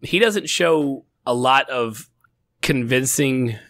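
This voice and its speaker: A man's voice: mid-range voice, slow, fairly bright tone, dry recording, clean studio sound. A middle-aged man co-hosting a casual TV review chat, rambling with frequent restarts and laughter. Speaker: podcast co-host.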